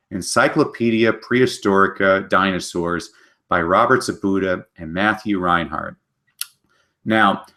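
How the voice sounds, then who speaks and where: A man giving an energetic webinar talk on children's books, telling stories and briefly doing character voices. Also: low-pitched. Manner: animated storyteller, does quick character voices. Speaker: literacy speaker giving book talks.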